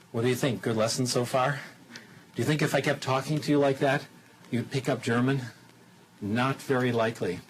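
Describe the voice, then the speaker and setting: A man gives a lecture to a television audience in an even, mid-pitched voice. He teaches in a lively, demonstrative way, firing off rhetorical questions and slipping into simple, slow German to make his point. A faint hum runs behind him. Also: poor audio. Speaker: lecturer on language acquisition.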